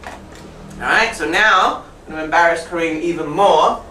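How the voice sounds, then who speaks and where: Woman, teacher trainer, lively classroom demo, repeats and corrects students, roomy echo, heard from a distance. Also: on the low side, a little slow. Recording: echoey classroom from far off with faint noise.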